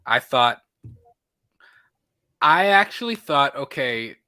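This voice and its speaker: A man co-hosting a casual movie podcast, talking excitedly and acting out his own reactions. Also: medium pitch, slow, clean tone. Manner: animated, excitable, acts out reactions. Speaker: podcast co-host. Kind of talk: casual movie review chat.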